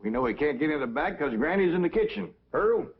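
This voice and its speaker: An actor playing a plain-spoken hillbilly family head, easygoing and folksy. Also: male voice, fairly high pitch, animated, quick pace. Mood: calm. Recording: dull old TV audio.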